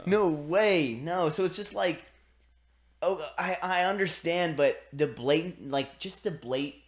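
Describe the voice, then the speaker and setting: A man co-hosting a podcast, ranting in casual chat, swearing freely and acting out quick impressions. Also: on the high side. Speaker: podcast co-host.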